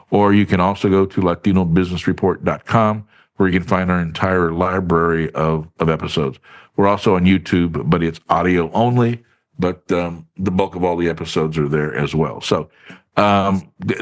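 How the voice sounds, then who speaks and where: A man with a very deep, low-set voice tells stories as a guest on a podcast. He is casual and animated, and he slips into other people's voices when he quotes them. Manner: animated storyteller who acts out quoted voices. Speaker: podcast guest, business advocate. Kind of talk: casual storytelling in an interview.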